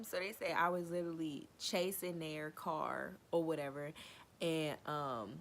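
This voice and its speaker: A woman vlogger telling a funny personal story in casual, animated slang, swearing freely and acting out what people said. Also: low voice, unhurried.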